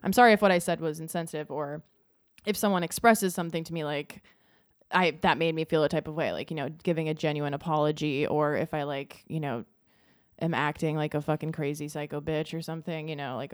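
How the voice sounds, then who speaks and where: A woman in casual conversation, talking hesitantly with many fillers and trailing off quietly. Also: sits low, a little fast, no echo, clean studio sound. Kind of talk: casual podcast chat.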